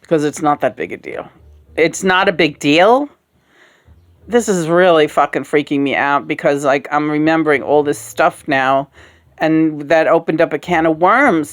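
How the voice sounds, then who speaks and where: A woman's voice: low-pitched, animated, a little slow. Frank rambling woman in her sixties. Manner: frank, profane, rambling with many fillers. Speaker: host of a puppet show. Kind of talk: casual candid conversation.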